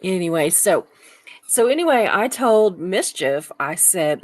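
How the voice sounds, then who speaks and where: A woman's voice: on the low side, very animated, unhurried, a little mellow, no echo, studio quality. A woman, probably in her fifties, hosting a casual live stream, chatting and rambling with viewers and laughing often.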